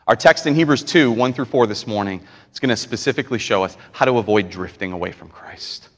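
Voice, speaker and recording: A man preaching a live sermon as pastor, impassioned and swinging between quiet stretches and near-shouting. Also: fairly low pitch, a little fast. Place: church sanctuary. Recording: long reverb of a large church hall.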